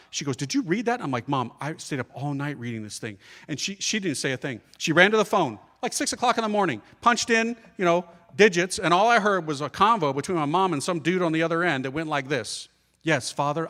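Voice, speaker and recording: Man, priest storyteller, bright and animated, mimics others, big reverberant hall. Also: fairly high pitch. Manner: animated, acts out voices of others, humorous. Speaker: priest giving a testimony talk. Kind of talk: lively storytelling talk.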